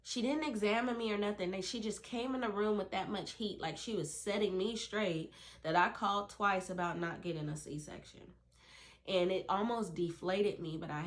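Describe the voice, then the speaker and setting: A woman's voice: medium pitch, normal speed. Earnest woman telling her birth story. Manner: earnest and emphatic, addressing women directly. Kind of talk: personal storytelling to camera.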